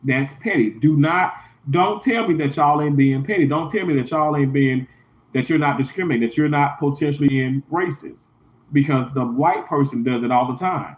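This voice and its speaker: High-voiced man venting in a hotel room. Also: normal speed. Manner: emphatic, repetitive, indignant venting. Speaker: YouTuber livestreaming. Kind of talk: venting vlog livestream. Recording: roomy, dull lo-fi sound.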